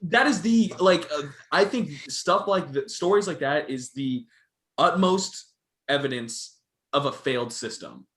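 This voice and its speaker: Bright-voiced young man in a roomy space. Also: a little high, animated, unhurried. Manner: candid, profane, storytelling. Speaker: podcast co-host. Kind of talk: casual chat.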